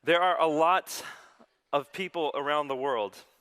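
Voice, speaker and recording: American man, young adult, fairly high voice, bright tone, testimony talk, long hall reverb. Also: a little slow, smooth. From United States. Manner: earnest, gently humorous storyteller. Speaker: Christian speaker giving testimony. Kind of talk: public testimony talk with prayer.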